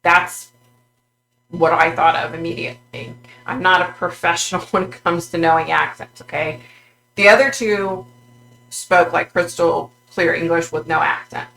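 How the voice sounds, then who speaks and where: A woman vlogger recounting a psychic vision in a halting way, with many fillers and restarts. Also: on the low side, steady tone, vocal fry, a bit bright, slight background noise, low-quality recording.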